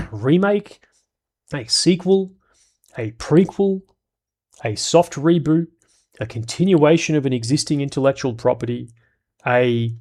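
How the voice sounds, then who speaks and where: Brief: man, live streamer, casual and profane, middle-pitched voice. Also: darkish tone. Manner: blunt and profane, reads chat aloud.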